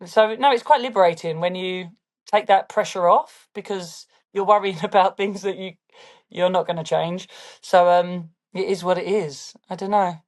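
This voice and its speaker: A woman's voice: fairly low pitch, fairly even intonation, normal speed. A woman with a London accent, chatting casually as an interview guest and often asking "do you know what I mean". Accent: London English. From London, England. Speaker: guest, fashion brand founder.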